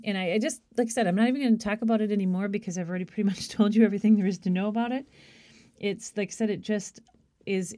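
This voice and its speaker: Chatty woman with a mellow voice. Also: mid-range voice. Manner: chatty, rambling, laughs often. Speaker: radio show host. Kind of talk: casual monologue.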